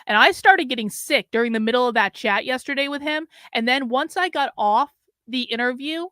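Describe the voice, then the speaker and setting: Bright-voiced drained woman host, rambling. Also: high-pitched, brisk, no echo, clean studio sound. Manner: rambling and exasperated, heavy on fillers. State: drained and low on energy. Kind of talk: casual solo commentary.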